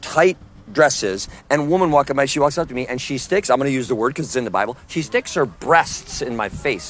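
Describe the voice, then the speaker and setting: A man's voice: mid-range voice, slight background noise. Fervent male street preacher. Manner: fervent, rhetorical questions, condemning. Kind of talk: street preaching to one listener. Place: outdoors at a public event.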